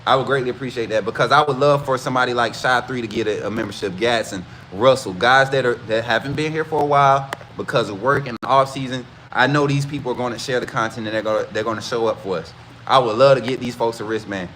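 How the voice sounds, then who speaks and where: A man hosting a casual football livestream, talking straight to his chat with animated, repetitive hype. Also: mid-range voice, fast talker, slight background noise. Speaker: host of a college football livestream.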